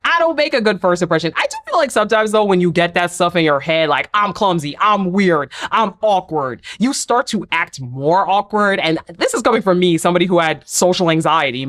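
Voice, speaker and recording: A young woman giving a casual recap of a reality dating show, animated and chatty, often answering the cast in quoted asides. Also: lowish voice, a little fast, few pauses. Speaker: TV recap reviewer.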